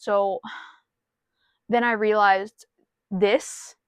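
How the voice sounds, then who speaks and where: Speaking into a little phone-mounted mic from her car, a woman vlogger chats to her viewers in a frank, rambling way with minor self-deprecating comments. Her voice is fairly high and fairly bright, at a normal speed, with no room sound.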